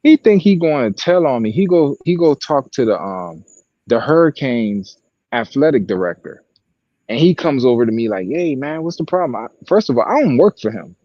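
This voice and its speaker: A man's voice: medium pitch, normal speed, dry recording, lo-fi sound. A man co-hosting a podcast, telling a long profane story in casual chat. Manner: profane, animated storytelling with acted quotes. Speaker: podcast co-host and sideline broadcaster.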